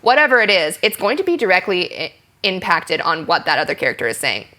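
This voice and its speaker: A woman with a bright, fairly low voice speaks in a candid interview. She is a young actress who rambles with ums and likes. Now and then she drops into a short acted-out line to show a point. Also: very animated, fast talker. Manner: chatty, explains with acted-out example lines.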